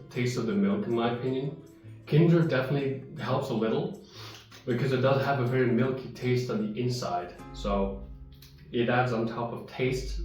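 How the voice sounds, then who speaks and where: A man reviewing chocolate in a casual, rambling chat, sometimes talking while he chews. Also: mid-range voice. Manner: chatty, rambling, talks while chewing. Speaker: vlogger tasting chocolate. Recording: very echoey room, mic far off, guitar music behind. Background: soft guitar music.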